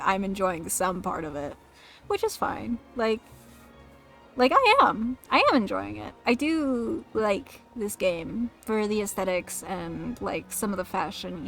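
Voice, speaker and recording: A woman's voice: medium pitch, a bit bright. A woman streaming a game, chatting casually in a rambling, giggly, self-mocking way.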